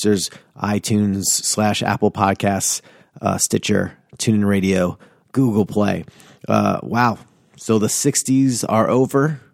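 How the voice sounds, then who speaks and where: A man's voice: fairly low pitch, no room sound, studio quality. A man hosting a casual podcast, talking loosely with frequent "like" fillers. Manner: relaxed, lots of "like" fillers. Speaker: podcast host.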